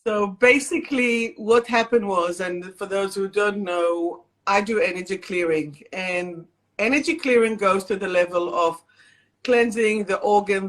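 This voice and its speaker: Woman hosting a spiritual live chat. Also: lowish voice. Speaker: host and energy healer. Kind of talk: casual live-stream chat.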